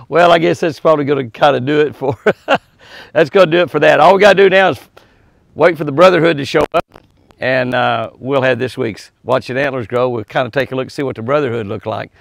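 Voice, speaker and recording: A man's voice: medium pitch, moderate pace, creaky, long pauses, dry recording. A man talking casually to deer on his ranch, coaxing them in and chatting to viewers in a folksy way. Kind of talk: casual talk to animals and viewers. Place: outdoors at a deer pen.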